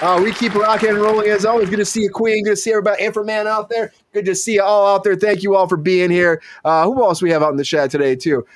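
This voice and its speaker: A man's voice: sits high, flat delivery, fast, few pauses, a faint crowd, a little hiss or hum. A man hosting a comedy show, rambling in goofy riffs. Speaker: host. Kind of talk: casual comedy show chat.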